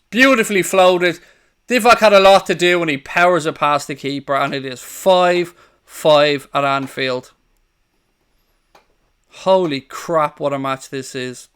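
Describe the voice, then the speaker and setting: Excitable man hosting a football watchalong. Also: high-pitched, clear, resonant tone. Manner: excitable, shouting and swearing at goals. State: out of breath. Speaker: watchalong host. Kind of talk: live football watchalong commentary.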